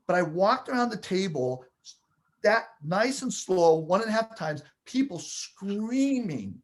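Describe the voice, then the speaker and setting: Guy telling a story, fairly high voice, gets really animated acting stuff out. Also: unhurried. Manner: animated, builds excitement, acts out scenes. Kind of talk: storytelling anecdote.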